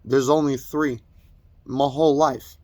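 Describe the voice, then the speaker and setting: In a medium-pitched, steady, darkish voice, a young vlogger speaks unhurriedly as he tearfully confesses to the camera, rambling, stammering and cursing. There is no room sound at all.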